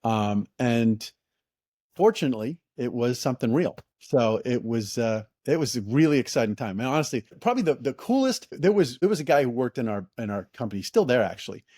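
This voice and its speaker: Give me an excitable middle-aged man chatting as a podcast guest, full of fillers and restarts, with a dry, close sound. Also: mid-range voice, a little fast, no echo. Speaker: company founder, podcast guest. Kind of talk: casual interview storytelling.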